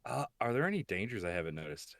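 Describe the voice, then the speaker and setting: Low-voiced, hesitant male player. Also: sing-song, creaky, no room sound, clean studio sound. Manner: hesitant, halting, many ums. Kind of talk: tabletop game play.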